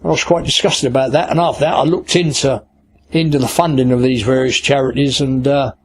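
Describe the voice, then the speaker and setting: A man's voice: medium pitch, steady tone, fairly quick. An older man, recounting his life story in an interview in a colloquial, anecdotal way. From England (Kent). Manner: storytelling, acts out past dialogue; colloquial, with frequent "I said" and "like".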